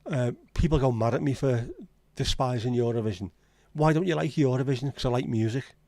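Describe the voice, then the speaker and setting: Talking at a brisk clip in a mellow, mid-range voice, this Liverpool man hosts a livestream. He reads the live comments and fires back at viewers with blunt, sweary banter in a Scouse accent, keeping things casual.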